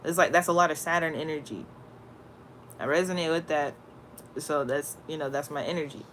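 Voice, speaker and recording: A woman's voice: low voice, brisk, slight background noise. Slangy, rambling woman talking spirituality. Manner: slangy, rambling, animated storyteller. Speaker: spiritual content creator. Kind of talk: casual spiritual talk.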